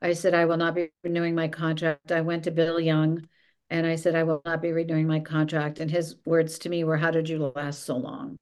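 Her voice is low, clear, and resonant, and she speaks briskly. As a podcast guest and former film executive, she tells a story in a casual interview, animatedly acting out quoted dialogue.

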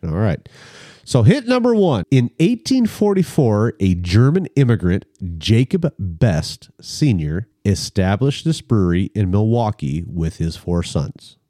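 A man's voice: on the low side, big pitch swings, measured pace, warm tone, no room sound, clean studio sound. A man hosting a casual beer-tasting show, joking and laughing as he leads the segments. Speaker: podcast host.

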